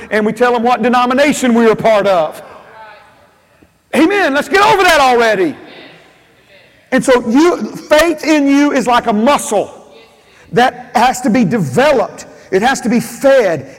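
A male pastor preaching with emphatic repetition and scattered amens. His voice sits very high for a man. It rings out with a long reverb, as in a big hall. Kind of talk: sermon.

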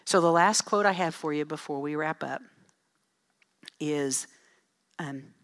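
A middle-aged woman speaking to a church audience, telling folksy, animated stories with asides about parenting. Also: low-pitched, a little slow. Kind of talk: storytelling talk to an audience.

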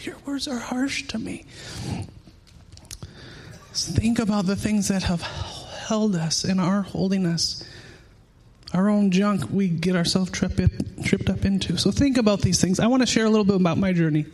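A man's voice: sits high, moderate pace, a little mellow. A man in his thirties preaching a sermon earnestly, often repeating words as he searches for them.

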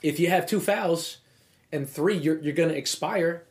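A man hosting a podcast who works as a referee, chatting casually as an animated storyteller who acts out little scenes. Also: fairly high pitch, a little slow.

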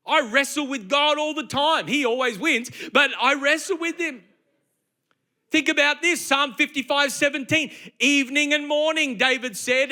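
A man preaching a sermon, emphatic and conversational, slipping into quick acted asides. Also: extremely high pitch, pushed and bright.

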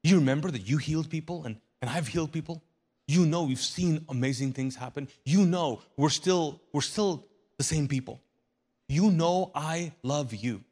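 A man voicing a loving but firm male divine figure within a sermon, speaking gently and quietly. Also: on the high side, moderate pace, breathy edge. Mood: tender.

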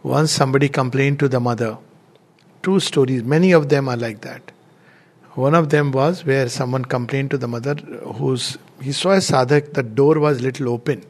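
A middle-aged man giving a devotional talk, telling anecdotes gently and chuckling between them. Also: medium pitch, moderate pace. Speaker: spiritual speaker.

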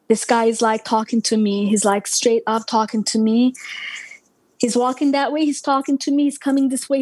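High-voiced woman telling her testimony. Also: dry recording, low-quality recording. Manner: conversational, many "you know" fillers, non-native grammar. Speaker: testimony speaker. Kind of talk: personal testimony storytelling.

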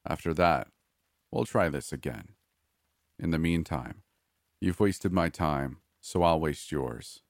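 A man voicing a cruel, smug man who holds a captive, speaking calmly and condescendingly in a scripted horror story. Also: very deep voice, slow, pauses often, no room sound, studio quality, full character voice. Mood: menacing. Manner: calm, cold, condescending.

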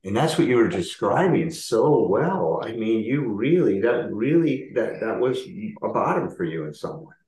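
A man's voice: fairly low pitch, sing-song, measured pace, few pauses, a little mellow, roomy sound, rough recording. A man hosting a podcast interview, affirming his guest and explaining an idea through an analogy. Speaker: podcast host. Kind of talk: interview conversation.

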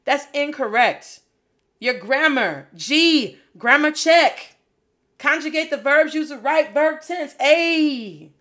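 A young adult woman hosting a casual spoken language lesson, animated and playful, scolding with mock outrage. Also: sits high, slow pace. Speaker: Spanish teacher and podcast host.

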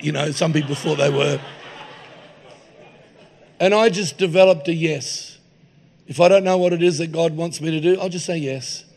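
A man's voice: on the high side, vocal fry, a bit bright. A man preaching in a church, mixing jokey anecdotes with sermon points. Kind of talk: humorous sermon storytelling. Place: church hall.

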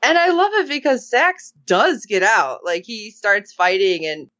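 Animated woman recapping with voices. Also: mid-range voice, a little slow, no echo, highs cut off. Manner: animated, acts out characters' lines with voices. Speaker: podcast co-host. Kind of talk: casual recap chat.

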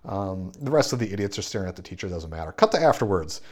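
A man's voice: low voice, sing-song, quick pace. A man casually recapping a movie plot on a podcast, rambling with lots of fillers. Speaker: podcast co-host.

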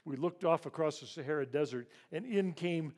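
A man in his sixties who grew up in Ivory Coast tells a personal story to a church audience. He speaks earnestly and drops to a hushed, emotional tone when recounting loss. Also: fairly high pitch, normal speed.

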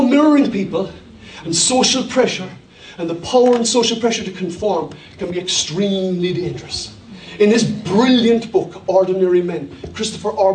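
High-voiced Cork pastor in a roomy hall. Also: male voice, a little hiss or hum. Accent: Cork, Irish. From Ireland. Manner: lively storytelling with audience participation. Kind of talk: sermon. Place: church hall. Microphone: handheld microphone. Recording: echoey hall, voice from far off.

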